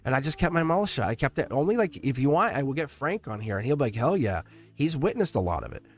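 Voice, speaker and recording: A middle-aged man hosting a live tarot reading stream, talking warmly and at length to his viewers, rambling with frequent restarts and laughs. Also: medium pitch, sing-song, fast. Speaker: live tarot reader and channel host.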